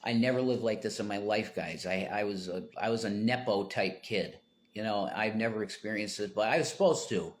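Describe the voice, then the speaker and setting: A man's voice: on the low side, fairly quick. A man talking to viewers on his livestream in a rambling, tangent-prone way, breaking into emphatic outbursts.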